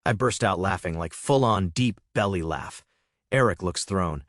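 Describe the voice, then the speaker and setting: A man tells a first-person story in a cool, smug, matter-of-fact way. His voice sits on the low side and sounds dry and close to the mic. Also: measured pace, dry recording. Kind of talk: first-person scripted narration.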